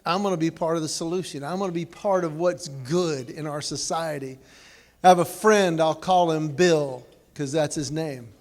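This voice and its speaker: A man's voice: on the high side, normal speed, a little mellow. A man giving a humorous speech at a banquet, telling stories and acting out the quotes. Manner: storytelling with acted quotes. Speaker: banquet speaker. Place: banquet hall, indoors.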